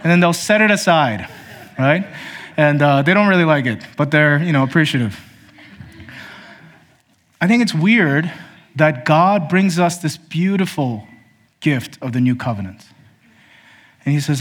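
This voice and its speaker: A man preaching a sermon to his congregation, emphatic and direct, calling them brothers and sisters, swinging from high pointed questions down to low, quiet statements. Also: animated, a little slow, pauses often. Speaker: pastor.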